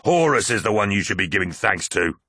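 A man's voice: lowish voice, big pitch swings, a little fast, bright, forceful tone, no room sound, studio quality, full character voice. A man voicing a brutish, thick-necked soldier who snarls contemptuously in an audiobook. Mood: snarling. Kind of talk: audiobook character voice.

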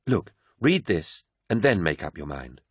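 A man's voice: deep voice, very animated, measured pace, slightly rough, no echo, clean studio sound, heavily acted. A man voicing a fervent, devout young woman who preaches earnestly.

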